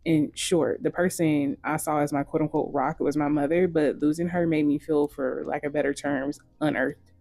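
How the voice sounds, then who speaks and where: A woman's voice: deep voice, steady tone, moderate pace, vocal fry, darkish tone, no room sound. A woman giving frank, scripted commentary in a video, blunt and swearing casually.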